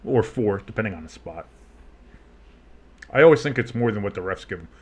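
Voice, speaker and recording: A man with a deep, bassy voice doing casual, joking play-by-play commentary of a game, swinging from murmured asides to loud outbursts. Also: expressive, brisk, husky. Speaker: play-by-play host.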